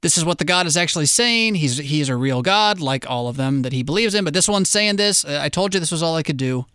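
A man's voice: on the high side, expressive, fast talker, sharp tone, clear, resonant tone, no room sound, clean studio sound. A man voicing a greedy, self-serving male prophet who whines and makes excuses, inside a sermon. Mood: shrugging.

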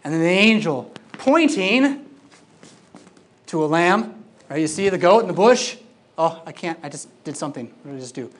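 A Bible teacher giving a classroom lecture, emphatic and lively, with informal asides. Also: medium pitch, normal speed. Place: classroom with a projected screen.

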